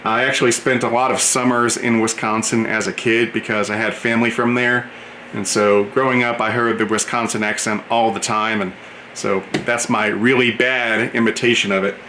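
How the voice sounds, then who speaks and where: A man's voice: fairly low pitch, flat delivery, normal speed, bright, forceful tone. A man hosting a model train channel, chatting enthusiastically as he unboxes a product and describes each item he shows. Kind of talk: casual unboxing commentary. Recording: roomy echo, faint background hum.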